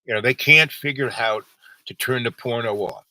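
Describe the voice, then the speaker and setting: Bright-toned rambling man telling a story. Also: mid-range voice, moderate pace, low-quality recording. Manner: meandering, full of fillers and restarts; acts out other people's lines with a raised voice. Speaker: vlog host telling a personal story.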